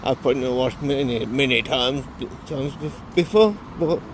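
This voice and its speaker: A man's voice: mid-range voice, background noise. A tired man vlogging casually, rambling and correcting himself as he goes. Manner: rambling, halting, self-correcting. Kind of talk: casual vlog monologue.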